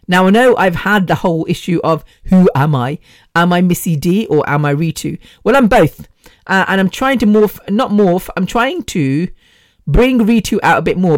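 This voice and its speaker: A woman's voice: lowish voice, a little mellow, no echo, studio quality. A woman hosting a podcast, talking in a casual rambling monologue, laughing often and losing her train of thought. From United Kingdom. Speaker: podcast host.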